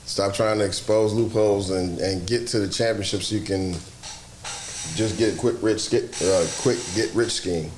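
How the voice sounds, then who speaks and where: A man hosting a casual sports talk show, loud and profane, laughing often as he talks. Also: fairly low pitch, fairly even intonation, moderate pace. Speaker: podcast host. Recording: roomy echo, faint noise.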